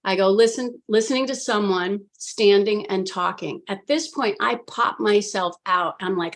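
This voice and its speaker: A woman describes her hypnosis session to a live video-call panel, speaking at a moderate pace in a medium pitch with few pauses. The storytelling is relaxed and lively, heavy on fillers, as she acts out the things she said.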